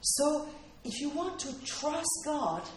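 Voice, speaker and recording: A woman's voice: high voice, expressive, slow pace, slight background noise. A woman preaching a sermon in an earnest, emphatic way, repeating her key phrases for weight. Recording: roomy hall echo.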